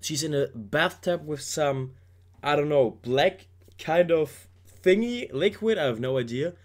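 A man's voice: a little high, lively intonation, a little slow. A man giving casual reaction commentary, rambling and joking as he talks straight to his viewers. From Germany. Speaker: K-pop reaction YouTuber.

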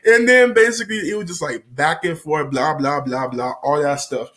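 A man vlogger telling a story in a casual, slangy, animated way. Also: a little high, normal speed.

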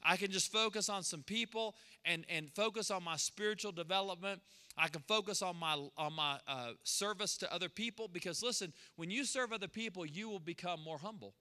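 A man preaching a sermon as pastor, animated and quick to act out the people he quotes. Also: high voice. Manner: animated, acts out quoted voices. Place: church sanctuary. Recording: long church hall reverb.

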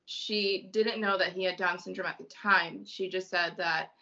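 A woman from Illinois, a mother and podcast guest, telling a personal story slowly and haltingly with many ums. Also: on the low side, steady tone, creaky, sharp tone, muffled recording.

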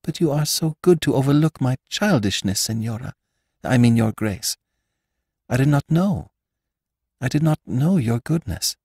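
A man voicing a humbled young actress in a storybook reading, speaking hesitantly in a soft, raised voice. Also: medium pitch, animated, normal speed, husky, dry recording, studio quality, voice pushed up. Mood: anxious, pleading. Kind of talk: audiobook character voice.

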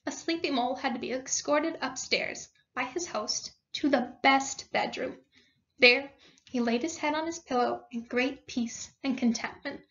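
A woman's voice: high-pitched, a bit bright. A woman teacher reading a storybook aloud to her class and explaining it with questions. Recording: dull lo-fi recording.

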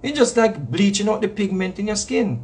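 A man's voice: high-pitched, very animated, normal speed, darkish tone, breathy edge. A man with a Jamaican accent, a reggae artist, talking in a casual monologue that repeats itself for emphasis. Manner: preachy, repetitive, emphatic with slang asides.

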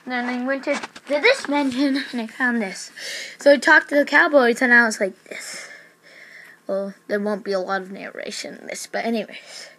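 A woman telling a plush toy story in a rambling, excitable way, full of fillers and sudden shrieks. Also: normal speed, slight background noise. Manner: excitable, breaks into shrill screams.

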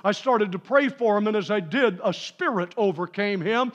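A man preaching a sermon in a church, telling a story, dropping to quiet asides and rising to shouted peaks. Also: high voice, animated, moderate pace, hardly any pauses. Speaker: pastor. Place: church sanctuary.

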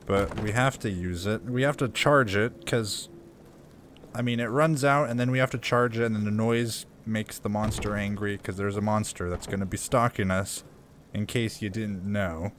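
Reading in-game notes aloud and cracking jokes, a man casually comments on the horror game he's playing. His voice sits on the low side with a fairly bright tone and a moderate pace, and there's a little hiss or hum.

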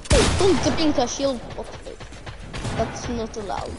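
A woman's voice: a little high, lively intonation, a little slow. A woman streaming a game, chatting playfully and teasing her friends in a sing-song way. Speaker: gaming streamer. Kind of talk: casual gameplay chatter. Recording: noisy game stream audio.

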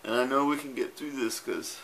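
Into his own camera, a tearful man records a rambling, tender farewell for his wife, dropping fillers and curses along the way. His medium-pitched, fairly bright voice holds a steady tone at a fairly quick pace, with slight background noise.

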